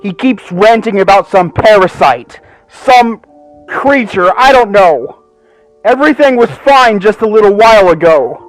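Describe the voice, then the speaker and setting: A man's voice: sits high, animated, measured pace, no echo, faint music behind, pitched above the performer's own voice. A man voicing a young male Labrador pup who sounds drained, grim and vengeful.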